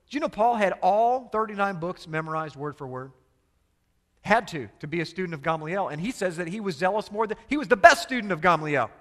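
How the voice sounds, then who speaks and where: High-voiced man preaching in a reverberant hall. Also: fairly bright tone. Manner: emphatic, rhetorical questions to the congregation. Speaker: pastor. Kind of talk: sermon.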